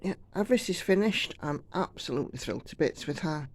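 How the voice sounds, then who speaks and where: A woman's voice: low-pitched, animated, fairly quick, a little mellow. A woman from the United Kingdom chatting casually and rambling while she stitches at home. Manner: chatty, rambling, self-deprecating. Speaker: cross-stitch vlogger.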